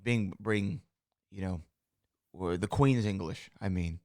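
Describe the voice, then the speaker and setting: A Southern American man co-hosts a podcast, chatting casually in a low voice at a slow pace. He sounds relaxed and uses lots of fillers. The studio sound is clean with no echo.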